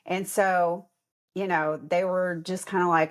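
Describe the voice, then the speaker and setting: A woman's voice: lowish voice, unhurried. A middle-aged woman co-hosting a podcast, telling personal stories in casual chat and acting out what others said. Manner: animated, acts out quoted voices, laughs often. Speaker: podcast co-host.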